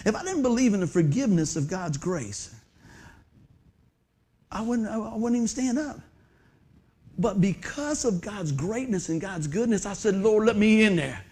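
A man preaching a humorous storytelling sermon in a church, animated and laughing often, breaking into excited whoops. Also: sits high, moderate pace, pauses often. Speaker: pastor. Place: church sanctuary before a congregation.

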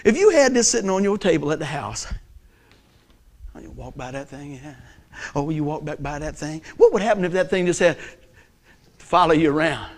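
A middle-aged man preaching a sermon as pastor, animated and joking, telling stories and acting out voices. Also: on the high side, normal speed, long pauses. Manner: animated, joking storyteller who acts out voices.

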